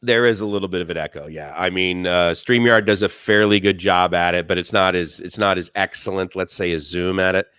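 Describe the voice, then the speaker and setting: A man's voice: low-pitched, brisk, few pauses, clean tone, no room sound. A man co-hosting a casual live-stream chat, talkative and enthusiastic, telling stories with lots of energy. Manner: enthusiastic, talkative, animated storytelling. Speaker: co-host.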